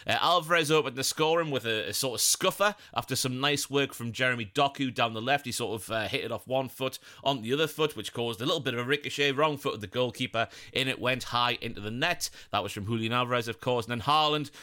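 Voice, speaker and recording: A man's voice: mid-range voice, fast talker, few pauses, sharp tone. A man hosting a football podcast alone, going over match results in a chatty, jokey, self-deprecating way. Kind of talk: solo football podcast commentary.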